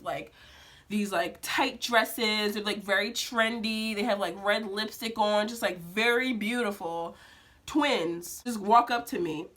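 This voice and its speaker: A woman's voice: medium pitch, a bit bright. A young woman telling a dream in a casual, emphatic spiritual vlog, slangy and full of fillers. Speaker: vlogger.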